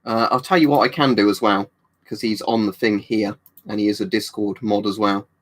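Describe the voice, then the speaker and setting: A man's voice: lowish voice, steady tone, a little fast, fairly bright tone. A British man chatting on a livestream, reading out viewer comments and rambling with many ums and restarts. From United Kingdom. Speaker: livestream host.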